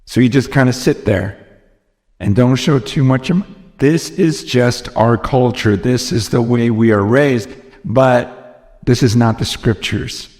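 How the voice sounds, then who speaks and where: Slow-speaking preacher man in a big hall. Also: mid-range voice, a little mellow. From United States. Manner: earnest, emphatic, repeating phrases. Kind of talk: sermon. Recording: long reverb from a large hall.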